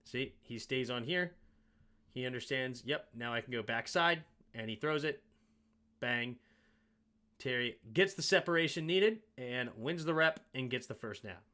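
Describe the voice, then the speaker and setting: A man's voice: medium pitch, a little slow, pushed and bright. A man hosting a sports show, casually breaking down game film and thinking aloud with self-mocking asides.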